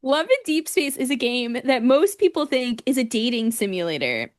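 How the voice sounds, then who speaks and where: Brief: chatty, excitable woman podcast co-host with a slightly high voice. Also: moderate pace. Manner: chatty, excitable, frequent "like" fillers. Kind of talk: casual podcast chat.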